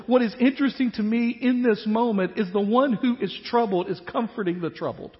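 A male pastor preaching a sermon, animated, acting out the disciples' questions in quick bursts. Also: high-pitched. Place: church sanctuary. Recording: dull sound with long church reverb.

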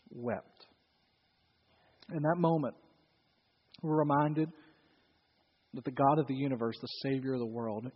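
A man's voice: medium pitch, husky. A man preaching a sermon to a congregation, telling the story with acted-out voices and questions to the audience. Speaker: pastor. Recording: dull, echoey hall recording. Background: live congregation.

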